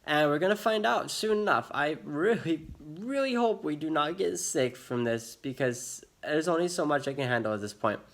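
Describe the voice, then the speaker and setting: A man's voice: on the high side, animated, normal speed, few pauses, fairly bright tone. A young American man telling an agitated storytime rant in his vlog, swearing often as he talks. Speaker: vlogger.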